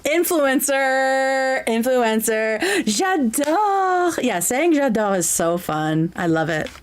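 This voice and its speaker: A woman's voice: mid-range voice, animated, measured pace, a little mellow, smooth. A woman streamer chatting casually while reacting to a clip, bubbly and giggly, who slips into fluent French.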